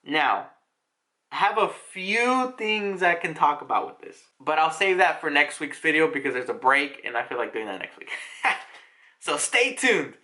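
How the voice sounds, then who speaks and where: A man casually recapping a comic chapter in an excitable, slangy way. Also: on the high side, normal speed. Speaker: manga reviewer.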